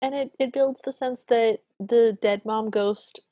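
A woman's voice: a little high, fairly even intonation, a little slow, warm tone, dry recording, studio quality. A woman co-hosting a podcast, casually recapping a film with enthusiastic, playful commentary and fan theories. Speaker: podcast co-host.

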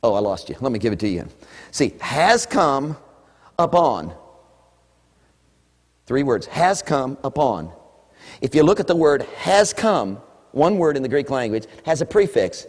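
A man preaching a sermon, swinging between hushed asides and shouted emphasis. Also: mid-range voice, big pitch swings, moderate pace, in a large hall.

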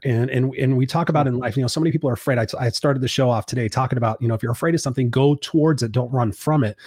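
A man's voice: medium pitch, darkish tone, no echo, clean studio sound. A man hosting a podcast, speaking in an upbeat, encouraging, motivational way. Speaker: podcast host. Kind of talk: motivational interview talk.

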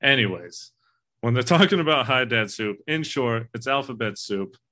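A man's voice: medium pitch, animated, moderate pace, pushed and bright. A man co-hosting a casual movie discussion, talking in an earnest, rambling way and swearing casually. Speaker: podcast co-host.

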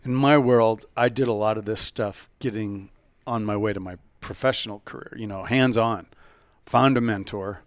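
Low, relaxed male co-host; dry close recording, unhurried storytelling. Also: dry recording. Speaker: podcast co-host. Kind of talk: casual podcast chat.

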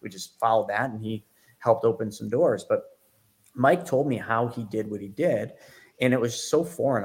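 A middle-aged man, a guest on a podcast, spins his story with energy, jumping in pitch as he acts out his own past reactions. His talk is casual and quick to swing between hushed asides and bursts of excitement. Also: creaky. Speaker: podcast guest, financial educator. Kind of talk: animated storytelling.

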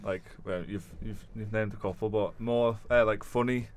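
A man's voice: lowish voice, steady tone. Hesitant man asking a rambling question. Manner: halting, rambling question with many restarts. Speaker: podcast interviewer. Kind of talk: casual interview.

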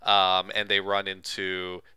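A man co-hosting a casual movie-review chat, retelling scenes with sarcastic, animated restarts. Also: deep voice, takes it slowly, clear, resonant tone, no room sound. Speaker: podcast co-host.

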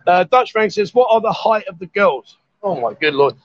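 A man's voice: sits high, lively intonation, moderate pace, no echo. A man hosting a live stream from a bar, chatting in a jovial, teasing way. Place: bar, indoors. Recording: dull lo-fi stream audio.

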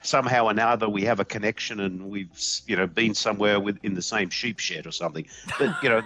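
A middle-aged Australian man, a company CEO being interviewed, telling stories in a folksy, animated way and acting out quotes. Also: fairly low pitch, fast. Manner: animated, folksy storyteller who acts out quotes. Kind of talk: interview conversation.

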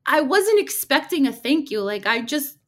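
A woman's voice: sits high, sing-song, moderate pace. A woman guest in a casual conversation, speaking bluntly and frankly.

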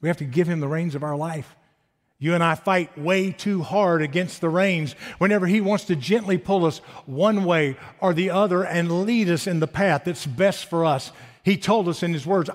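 A man in his fifties delivers a sermon in a high voice, animated and full of rhetorical questions. His words ring out with a long hall reverb, as in a church sanctuary. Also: normal speed. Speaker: pastor.

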